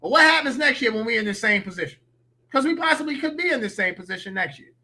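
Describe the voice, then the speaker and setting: Man, podcast guest, opinionated sports rant, bright tone, slightly high voice. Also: fast. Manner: animated, opinionated, slangy. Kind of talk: casual sports talk.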